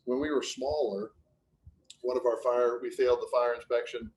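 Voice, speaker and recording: A man's voice: mid-range voice, steady tone, moderate pace, darkish tone, slight background noise, poor audio. A man giving a casual business webinar, talking conversationally with anecdotes and frequent restarts over a computer mic. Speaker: webinar presenter.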